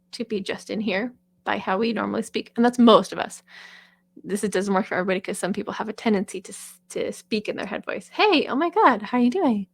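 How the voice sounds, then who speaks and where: A woman's voice: mid-range voice, creaky. A woman teaching a casual voice lesson, chatty, with sung and called-out examples.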